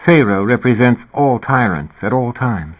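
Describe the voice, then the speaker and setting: A man voicing a calm, devout young woman who explains things reasonably, his voice lifted a little higher. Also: normal speed, breathy edge. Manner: calm, reasonable, lightly pitched-up. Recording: tinny phone-like radio sound.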